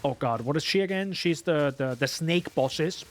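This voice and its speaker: A man's voice: fairly high pitch, lively intonation, moderate pace. Chatty man streaming his gameplay. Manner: rambling, chatty, talks to viewers. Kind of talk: live gameplay commentary.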